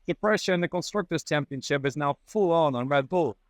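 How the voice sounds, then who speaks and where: Guy reporting from the paddock, fired up, slightly high voice, dry sound. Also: brisk, dry recording. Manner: enthusiastic, non-native phrasing. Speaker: motorsport reporter, co-host. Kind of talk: casual on-site chat. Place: outdoors at a race paddock.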